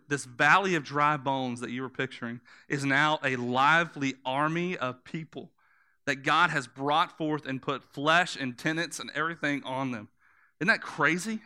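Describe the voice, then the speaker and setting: A man's voice: medium pitch, a little slow, bright, forceful tone, clear, resonant tone. A man preaching a sermon, telling the story in vivid images, repeating words for emphasis and asking the listeners to close their eyes and imagine.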